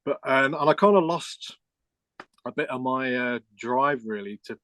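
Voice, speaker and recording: A man's voice: medium pitch, unhurried, fairly bright tone, no room sound. A middle-aged man, a keyboard player, telling a rambling story with restarts and quoted dialogue in a casual interview.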